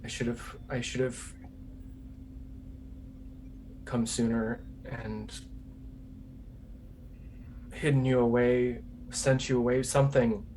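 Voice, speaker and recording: A man speaks as his character in a tabletop game, earnest and emotional in his words. His pitch stays in the middle and barely moves, with faint noise in the background. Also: little pitch movement, slow, pauses often, darkish tone, poor audio. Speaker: player.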